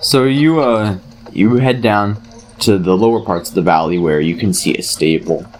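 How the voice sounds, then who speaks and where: A man narrating a tabletop game as game master, relaxed, with fillers and restarts. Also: lowish voice, normal speed, a little hiss or hum.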